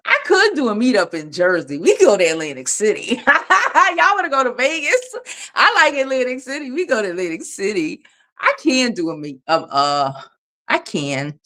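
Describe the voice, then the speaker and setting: Animated, foul-mouthed woman livestreaming. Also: fairly high pitch, normal speed. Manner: blunt, profane, animated. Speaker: livestream host. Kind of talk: casual livestream chat, reading viewer comments. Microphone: phone.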